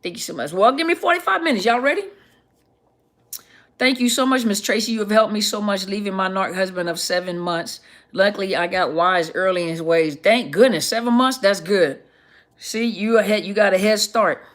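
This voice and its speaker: A woman's voice: medium pitch, normal speed. A middle-aged woman, a counselor, hosting a casual livestream Q&A, chatty and greeting viewers by name as she reads their comments.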